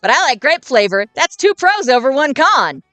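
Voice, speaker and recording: A woman's voice: sits high, very animated, moderate pace, fairly bright tone, dry recording, soft background music, pitched above the performer's own voice. A woman voicing a dim, sweet jock monster boy who talks in an earnest, rambling, bro-ish way, in a dry recording. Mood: goofy.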